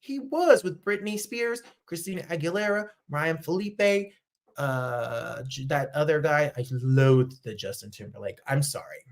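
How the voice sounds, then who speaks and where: A man from New Jersey hosting a talk show, chatting casually with gushing, animated asides. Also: a little high, unhurried. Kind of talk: casual livestream chat.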